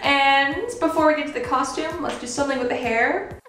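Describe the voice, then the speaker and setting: A woman's voice: high voice, a little fast, fairly bright tone, distant mic. A young woman, a college student, chatting casually through a cosplay tutorial, giggling often and using lots of "like" fillers. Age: young adult. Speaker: cosplay vlogger. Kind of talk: casual makeup and costume tutorial. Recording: roomy echo, voice away from the mic, faint music.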